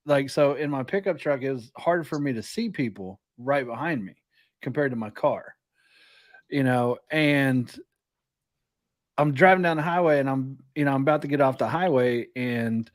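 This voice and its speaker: A man's voice: mid-range voice, a little slow, no echo, clean studio sound. Blunt, exasperated rideshare driver man. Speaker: podcast co-host, rideshare driver. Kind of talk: casual chat.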